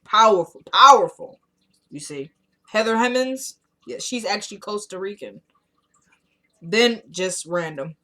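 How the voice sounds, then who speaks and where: A woman casually recapping a TV episode for her viewers, retelling scenes with quick asides to the audience. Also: mid-range voice, expressive, a bit bright.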